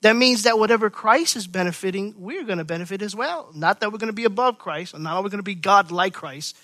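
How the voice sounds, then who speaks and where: A middle-aged man preaching a sermon as pastor, swinging from loud emphatic lines to quiet, hushed asides. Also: sits high, fast talker, no echo.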